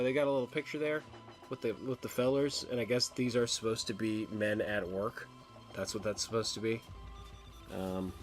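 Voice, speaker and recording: A man with a fairly low voice hosts a vlog about his own record collection. His chat rambles, casual, crude and joking, often trailing off into mumbles.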